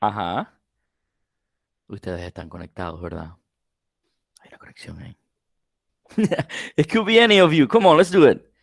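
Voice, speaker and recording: A man whose first language is Spanish, teaching an English grammar class online, repeating example sentences slowly and quizzing his students. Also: mid-range voice, no echo, studio quality. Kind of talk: live online class lecture.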